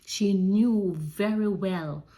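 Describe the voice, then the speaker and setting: A woman's voice: medium pitch, drawn-out words, mellow. A woman with a Jamaican accent tells her own story in a heartfelt, emotional way. Her voice sits in the middle range, and her speech carries Patois turns of phrase as she relives what happened. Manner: earnest, emotional retelling in Patois-flavoured speech. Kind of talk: personal storytelling.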